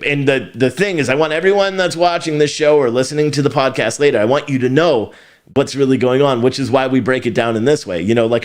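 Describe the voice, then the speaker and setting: A middle-aged man hosting his own news show. He rants in a sarcastic tone, laughs at his own jokes and swears as he goes. His voice sits at an everyday middle pitch. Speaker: news commentary host. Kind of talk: casual opinionated commentary.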